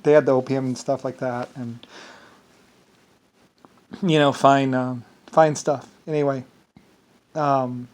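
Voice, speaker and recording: A man in his fifties talking casually in a rambling monologue, halting often and restarting his sentences. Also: medium pitch, level tone, darkish tone. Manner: halting, full of fillers and restarts, loose and wandering. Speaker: hobbyist talking about his ship stories.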